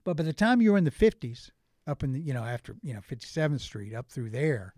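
A man's voice: mid-range voice, very animated, fast, a little mellow, dry recording, studio quality. A man with an Irish accent, an interview guest telling rambling stories in casual chat and laughing often.

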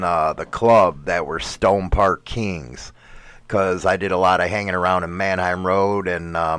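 A man's voice: low-pitched, fairly bright tone, clean tone, dry recording. Blunt, cursing man in casual chat. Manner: profane, blunt interjections.

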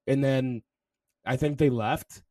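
A man's voice: mid-range voice, fairly even intonation, takes it slowly, dark tone, dry recording, clean studio sound. Laid-back young man, bro-style storytelling. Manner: loose storytelling, heavy on "bro" and "like". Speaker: podcast co-host. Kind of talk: casual chat.

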